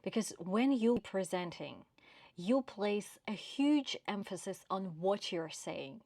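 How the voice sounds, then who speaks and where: A woman with a non-native English accent giving career advice to camera in a measured, clear, emphatic way. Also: medium pitch, animated, darkish tone, dry recording. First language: not English. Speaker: career coach.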